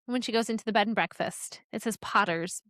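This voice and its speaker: A woman's voice: medium pitch, brisk, dry recording. Chatty woman co-host, dry close sound. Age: 40s. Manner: chatty, animated, lots of fillers. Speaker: podcast co-host. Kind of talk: casual chat. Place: small indoor room.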